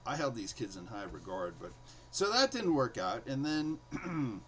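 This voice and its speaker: On a low-quality recording with a little background noise, a forties-aged teacher from New York City hosts his show and relates a career anecdote. His medium-pitched, fairly bright voice is very animated yet unhurried; he chats loosely with many fillers and performs quotes in a louder voice.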